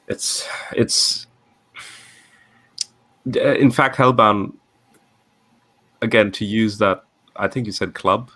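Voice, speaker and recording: A man adding his view in a casual panel chat, halting as he searches for words. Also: sits low, a bit bright.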